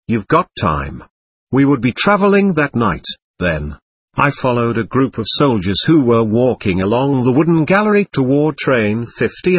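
A man reading a first-person war memoir as an audiobook, in a steady, even narration. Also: mid-range voice, breathy edge.

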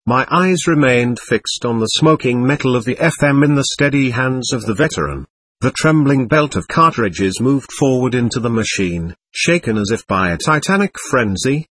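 A man's voice: mid-range voice, animated, normal speed, a bit bright, slightly rough, dry recording. A man narrating a war memoir in the first person, in a vivid, dramatic audiobook reading.

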